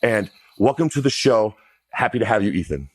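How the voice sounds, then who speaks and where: A male podcast host with a very low, deep voice. He talks casually and directly, leading the interview with loose, chatty questions. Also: expressive, normal speed, slightly rough. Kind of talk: conversational interview.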